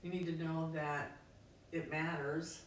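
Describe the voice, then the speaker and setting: A woman talks things through in a reflective, searching way, dotting her sentences with fillers. Her voice sits on the lower side. The recording is very echoey, picked up from a distance with faint noise behind. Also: level tone, a little slow. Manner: reflective, thinking aloud with many fillers. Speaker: podcast co-host. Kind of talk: casual conversation.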